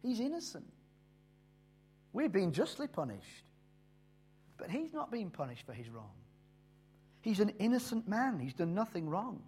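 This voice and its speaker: A man preaching a sermon, slowing down and swelling in loudness on key phrases before dropping low again. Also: huge pitch swings, slightly rough. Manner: emphatic, rises and drops in loudness and slows on key phrases.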